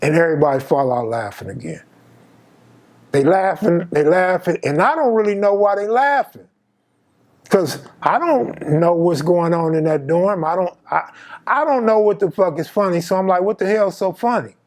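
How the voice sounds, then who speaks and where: Man in his fifties, from Los Angeles, slangy storyteller, fairly high voice, animated delivery. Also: moderate pace. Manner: slangy, animated, acts out dialogue. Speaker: storyteller host. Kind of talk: casual storytelling.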